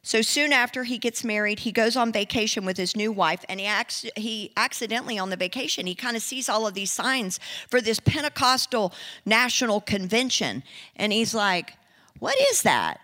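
A woman preaching, telling a story in an animated way and acting out the people in it. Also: fairly high pitch, moderate pace. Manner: animated, acts out quoted speech. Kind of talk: sermon storytelling. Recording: long reverb in a hall.

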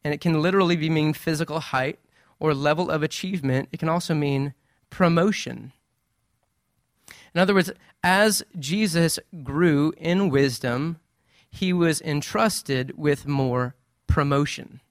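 A man preaching a sermon in a conversational, animated way with playful asides. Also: a little high, a little slow, no room sound, clean studio sound. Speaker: pastor.

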